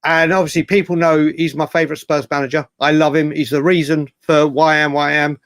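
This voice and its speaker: A man co-hosting a podcast, telling stories in an animated, rambling casual chat with many restarts. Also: fairly high pitch, fast, no echo. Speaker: podcast co-host.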